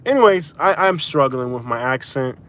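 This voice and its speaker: A man's voice: mid-range voice, expressive, moderate pace, fairly bright tone, a little hiss or hum. A man from Florida talks from the driver's seat of a car during a live stream. He rambles loosely, stops and restarts his sentences, and sounds tired from a migraine. His voice sits in an ordinary middle range. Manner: rambling, self-correcting, chatty. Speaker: vlogger. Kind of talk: casual live-stream chat. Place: inside a vehicle.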